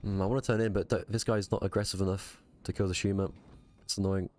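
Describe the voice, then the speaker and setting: Deep-voiced man streaming a game. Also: level tone, quick pace, a little mellow. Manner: muttering reactive play-by-play, talks to himself. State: strained voice. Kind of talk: live gameplay commentary.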